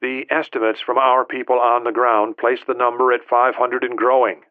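A man's voice: mid-range voice, little pitch movement, normal speed, smooth, no room sound. A man voicing a serious male intelligence director talking on a phone line in an audiobook. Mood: grave. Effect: phone filter. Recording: narrow tinny phone line.

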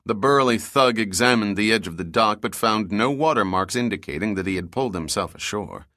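Low-voiced male audiobook narrator. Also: lively intonation, a little fast, sharp tone, no echo, clean studio sound.

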